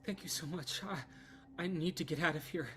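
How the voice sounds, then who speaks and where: A man's voice: a little high, moderate pace, sharp tone, faint music behind, voice pushed up. A man doing a stammering frightened young woman. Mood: pleading. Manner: stammering, pleading. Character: injured frightened young woman, early twenties.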